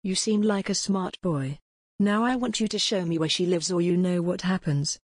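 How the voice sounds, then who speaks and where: A woman voicing a rough-born male police inspector who talks bluntly and with threats, in a husky voice. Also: lowish voice, normal speed, no echo, clean studio sound, lightly acted.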